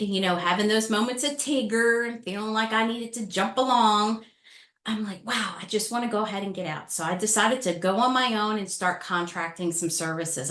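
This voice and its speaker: Middle-aged woman, panel speaker, dramatic animated storytelling, roomy echo. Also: mid-range voice. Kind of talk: storytelling talk.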